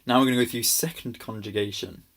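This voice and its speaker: A man's voice: mid-range voice, fairly even intonation, fast talker, fairly bright tone. A man giving a casual grammar lesson over slides, patient and reassuring, with many ums and small restarts. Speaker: language teacher.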